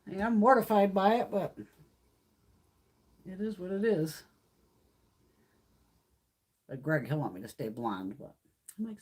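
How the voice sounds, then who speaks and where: Woman, 50s, livestream host: husky, high-ish, very lively pitch, blunt profane rants. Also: unhurried, long pauses. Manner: blunt, profane and ranting, with frequent laughs; acts out others' lines in quoted voices. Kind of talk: casual livestream chat.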